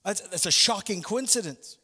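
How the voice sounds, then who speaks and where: A male preacher voicing a kind, devout young woman from the 1700s, speaking warmly and eagerly in a sermon story. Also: high-pitched, moderate pace, husky, in a large hall, pitched above the performer's own voice, heavily acted. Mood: surprised. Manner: warm, eager, gently encouraging.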